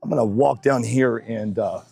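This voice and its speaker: A man's voice: mid-range voice, moderate pace, gravelly, breathy edge. A man announcing races on a live stream from an outdoor track, joking and chatty, wearing a body mic, a bit out of breath. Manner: joking, chatty, loud calls to the crowd. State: slightly out of breath. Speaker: race announcer. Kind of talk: casual live-stream commentary. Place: outdoor drag racing track. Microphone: wireless mic worn on body.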